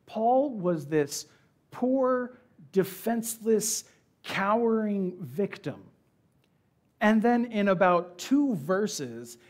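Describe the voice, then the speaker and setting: A man preaching a sermon in a church, retelling a scripture passage in a casual, animated way and acting out the characters' lines. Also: high voice. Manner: conversational, animated storytelling with acted-out quotes. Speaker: pastor.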